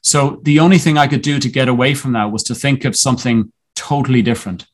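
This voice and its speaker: A man as a podcast guest telling a personal story in a reflective, earnest way, often halting and restarting his sentences. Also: mid-range voice, fairly even intonation.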